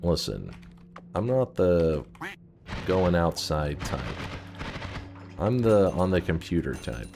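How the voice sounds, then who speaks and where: A man's voice: deep voice, very animated, takes it slowly, pauses often, noisy background. A man streaming a game, telling a rambling story casually, swearing and breaking off mid-sentence. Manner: rambling, profane, self-interrupting. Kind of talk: casual storytelling while gaming.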